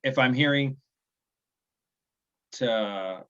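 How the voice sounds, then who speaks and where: Podcast guest, man in his 40s, mid-pitched voice, halting with restarts, muffled remote sound. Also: bright, forceful tone. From USA. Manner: halting, restarts a lot, chuckles at himself. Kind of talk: casual chat.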